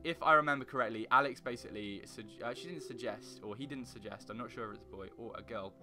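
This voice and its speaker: A young man giving rambling, goofy commentary while playing a block-building game, sometimes breaking into silly noises. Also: fast talker. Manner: rambling, goofy, bursts into loud high singing and silly noises. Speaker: gaming YouTuber. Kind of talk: casual Minecraft let's play commentary. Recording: faint guitar music behind.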